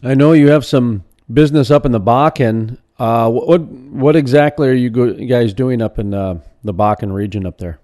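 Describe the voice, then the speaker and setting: A man's voice: medium pitch, normal speed, few pauses, mellow. A man hosting an interview, asking long rambling questions with restarts. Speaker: radio show host.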